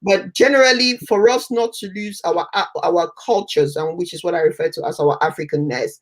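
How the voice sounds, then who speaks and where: Husky woman hosting a chat. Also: fairly low pitch, fairly quick. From Cameroon. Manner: inviting, prompting questions, laughs often. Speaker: host. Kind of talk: hosting a live online chat show.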